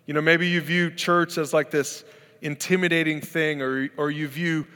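A man's voice: fairly high pitch, steady tone, normal speed, bright, forceful tone, clean tone. A middle-aged man, a pastor, preaching a sermon in a conversational, storytelling way. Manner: conversational, storytelling with acted-out quotes. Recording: long hall reverb.

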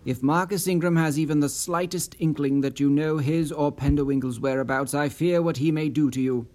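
A man's voice: a little high, moderate pace, natural voice. A man voicing a stern, suspicious male agency chief who speaks in curt, commanding phrases.

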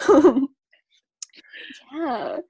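A young woman from Long Island, New York, chats casually and playfully, laughing often and using plenty of slang. Her high-pitched voice is expressive, very slow, and darkish, captured in clean studio sound with no echo.

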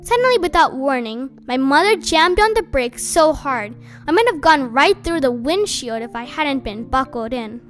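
A woman reading a children's novel aloud in expressive first-person storybook narration. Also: high-pitched, moderate pace, few pauses, faint music behind. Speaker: audiobook reader.

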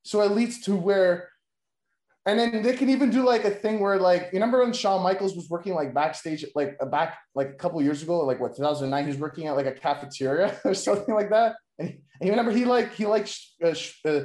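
A man with a fairly high voice rambles through a casual chat, leaning on filler words and swearing freely. He is recorded in a roomy space with a noticeable echo. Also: fast talker, darkish tone. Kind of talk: casual chat pitching wrestling storylines.

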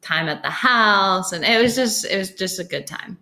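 A woman's voice: mid-range voice, lively intonation, moderate pace, pushed and bright. A young woman recounting events in casual chat, rambling and full of "like"s. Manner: rambling, breathless recounting with many "like"s. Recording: echoey room.

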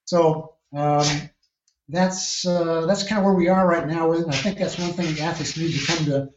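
A man, a triathlon coach, answering interview questions in a measured, explanatory way with frequent restarts. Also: a little high, fairly even intonation, noisy background. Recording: echoey distant lo-fi call.

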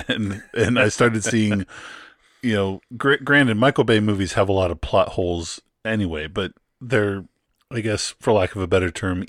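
A man's voice: sits low, no room sound, clean studio sound. A man co-hosting a casual movie review chat, often laughing as he makes his points. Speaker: podcast co-host.

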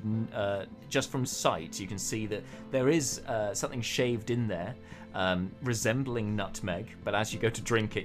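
Rambling low-voiced game master. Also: male voice, fairly bright tone. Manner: rambling, many fillers and restarts. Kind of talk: narrating a tabletop game.

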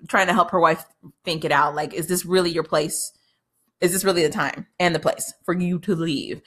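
A woman giving a casual, chatty recap of a TV episode, swearing freely and laughing as she talks. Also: fairly low pitch. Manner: chatty, profane, laughs often.

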